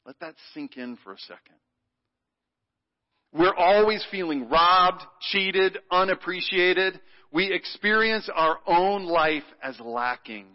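Preacher, male, slightly high voice, playful call-and-response, long church reverb. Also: lively intonation, slow pace. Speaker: pastor. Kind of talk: sermon. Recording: muffled sound with long hall reverb.

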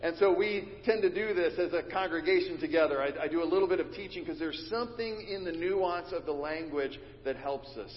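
A high-pitched male pastor preaching to his congregation in a church sanctuary. He teaches and leads them in call and response, and his voice rings with a long reverb off the hall walls on a slightly dull recording. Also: brisk, hardly any pauses. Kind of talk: sermon.

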